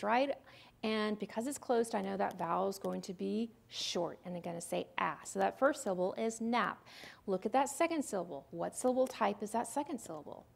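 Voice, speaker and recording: A woman's voice: a little high, vocal fry, darkish tone. A woman giving a recorded lecture on phonics, explaining step by step in a patient, teacherly way and sounding out words as she goes. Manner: models the sounds aloud. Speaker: literacy presenter.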